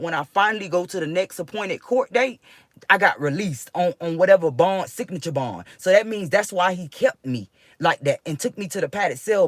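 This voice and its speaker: A woman rants straight to her viewers, agitated and swearing, tripping over her words as she restarts sentences. The sound is dry and close, with no room echo. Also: on the low side. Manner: agitated, profane, rambling with restarts. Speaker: vlogger. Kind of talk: emotional personal venting.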